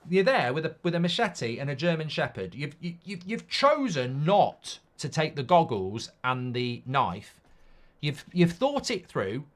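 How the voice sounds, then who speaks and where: Animated man hosting a live watchalong. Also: fairly high pitch, a little slow. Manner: rambling and animated, swears freely, riffs on silly hypotheticals. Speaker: host of a live football watchalong. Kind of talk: casual live-stream chat, reading viewer comments.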